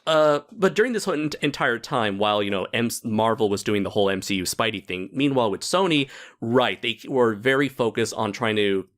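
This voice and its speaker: A man hosting a relaxed movie chat over a home microphone. His voice swings widely in pitch and sounds bright and forceful. He gets excitable and often breaks into laughter. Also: fairly quick. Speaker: podcast host. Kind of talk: casual chat.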